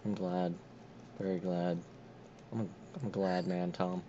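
A man's voice: deep voice, level tone, a little slow, dark tone, dull audio, a little hiss or hum. A young man gaming and chatting casually, with dry sarcastic banter. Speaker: gamer.

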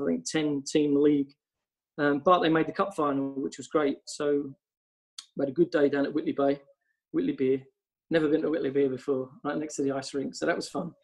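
A man's voice: a little high, brisk, gravelly, a little mellow, poor audio. A man, a football coach, telling long casual stories on a podcast, rambling with lots of ums. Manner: rambling anecdotes with frequent ums.

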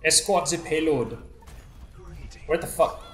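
A man playing a video game with a friend, excitable and swearing, with sudden loud yelps and laughs. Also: a little high, slow. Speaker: gamer co-host. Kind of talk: casual let's-play chat. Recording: roomy echo with faint noise.

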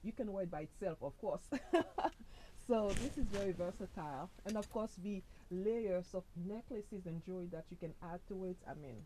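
A woman's voice: fairly low pitch, a little fast, hardly any pauses, a little hiss or hum, rough recording. Upbeat woman in a chatty try-on vlog. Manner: chatty and upbeat, full of fillers and "sis"; speaks louder than her usual soft voice. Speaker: fashion vlogger. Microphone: camera mic, no lapel.

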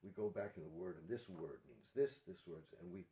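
A man hosting a livestream, talking in a thoughtful, halting way with many pauses and restarts. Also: deep voice, mellow, roomy sound. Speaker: livestream host. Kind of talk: casual spoken commentary.

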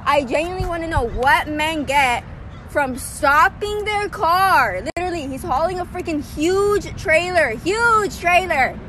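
A young adult woman, a runner vlogging outdoors at a park, rants angrily to her phone camera in a very high, expressive, slightly bright voice, speaking a little slowly over slight background noise. Heated and exasperated, she repeats herself, leaning on "freaking" and "like."

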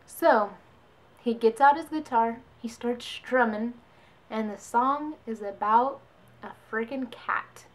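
A woman's voice: fairly high pitch, slow pace. A young woman vlogger telling a story casually, switching voices to quote people. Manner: chatty, animated quoting of others.

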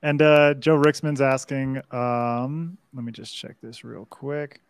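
A man co-hosting a livestream, relaxed and joking, reading out viewer comments. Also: mid-range voice, slow, gravelly, clean tone. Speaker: co-host.

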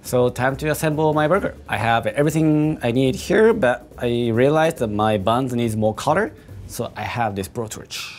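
Chef guy, laid back, explaining his dish step by step, soft music behind. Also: medium pitch, moderate pace. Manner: relaxed, explains each step as he cooks. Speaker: professional chef. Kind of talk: casual cooking narration. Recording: faint music in the background.

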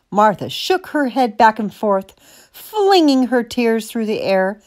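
Woman reading a kids' storybook aloud, expressive, slow, lively pitch, higher voice. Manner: expressive, deliberate. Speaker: storybook reader. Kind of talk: children's audiobook reading.

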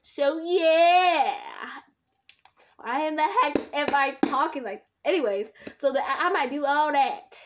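A woman's voice: high voice, lively intonation, moderate pace, hardly any pauses, noisy background. A young woman chatting casually to her camera in a rambling, self-talking vlog, drawing out her words. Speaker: slime vlogger. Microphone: camera set up nearby.

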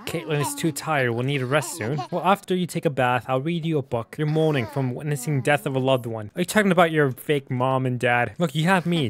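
A man hosting a gaming video, chatting casually over gameplay and often talking back to the characters with excited outbursts. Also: a little high. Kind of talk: casual let's-play commentary.

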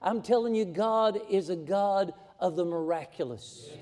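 A man's voice: high-pitched, measured pace, a little mellow, big-room sound. A man preaching a sermon in a folksy, emphatic way, building to fervent passages. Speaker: pastor. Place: church sanctuary.

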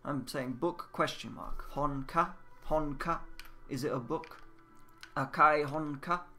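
A man giving a casual, patient Japanese lesson, repeating words and drilling them slowly. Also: a little high, sharp tone. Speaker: Japanese language teacher. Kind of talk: casual spoken language lesson. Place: indoors at a computer, game voice chat.

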